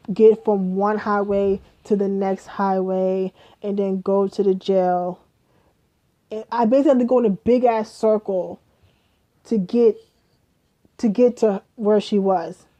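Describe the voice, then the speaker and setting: A young adult woman casually retelling a story, animated and profane, acting out what everyone said. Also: medium pitch. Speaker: vlogger.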